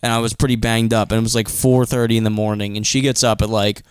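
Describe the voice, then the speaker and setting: Dude with a smooth clear voice going like like like, super dry recording. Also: male voice, fairly low pitch, flat delivery, quick pace, no echo. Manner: filler-heavy, lots of "like". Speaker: podcast host. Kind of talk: casual chat.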